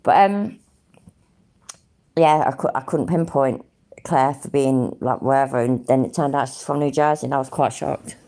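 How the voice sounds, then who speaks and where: A woman's voice: very deep voice, normal speed, dark tone. An English woman rambling casually on a live stream, thinking aloud, humming to herself and swearing freely. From England.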